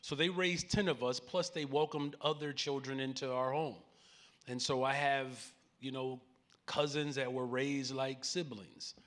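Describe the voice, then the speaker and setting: A man's voice: medium pitch, steady tone, unhurried, fairly bright tone. A man in his forties with a Chicago accent talks from a conference stage. His voice sits in a middle register, and he moves between earnest, preacherly points and easy asides to the audience. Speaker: mayor speaking on a panel. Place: conference main stage before a live audience.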